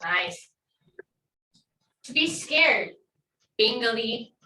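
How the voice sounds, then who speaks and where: A woman's voice: fairly high pitch, lively intonation, drawn-out words, sharp tone, reverberant, recorded from a distance, poor audio. A woman teaching a language class online, upbeat and encouraging as she models words for students to repeat.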